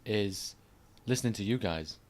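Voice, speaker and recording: A man's voice: lowish voice, normal speed, a loud crowd. A man with an English accent co-hosting a podcast in casual chat, teasing and playful. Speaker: podcast co-host.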